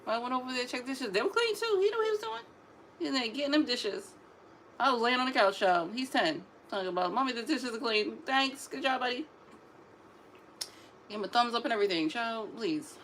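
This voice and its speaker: A woman, telling parenting stories in a sassy, animated way, like a casual talk to camera. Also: fairly high pitch, quick pace, a little hiss or hum. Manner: sassy, animated storytelling, drawling asides. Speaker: mother vlogging about parenting.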